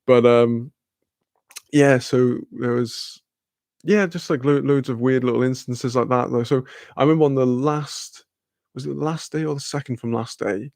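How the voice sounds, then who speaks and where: A man's voice: mid-range voice, fairly even intonation, moderate pace, a little mellow, no room sound, clean studio sound. A young man, casually telling a rambling story with lots of fillers, laughter and swearing. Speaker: streamer.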